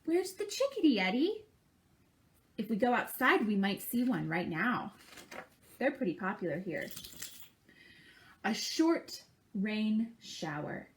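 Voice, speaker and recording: Slow, lively storytime librarian woman. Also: medium pitch. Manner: playful, imitates bird calls with the kids. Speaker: children's librarian. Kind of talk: reading a picture book aloud to children. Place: library program.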